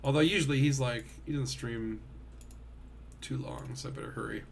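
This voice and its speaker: A man's voice: medium pitch, moderate pace, gravelly, slight background noise. A man chatting casually and rambling to his viewers while streaming a game. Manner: chatty, rambling, talks to chat while playing. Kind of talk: casual gaming stream chat.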